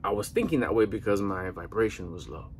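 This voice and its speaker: A man's voice: on the low side, lively intonation, a little fast, slight background noise. A man in his forties giving rambling, earnest motivational talk to camera, a little out of breath after a workout. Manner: rambling, earnest, with slang and restarts. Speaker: vlogger.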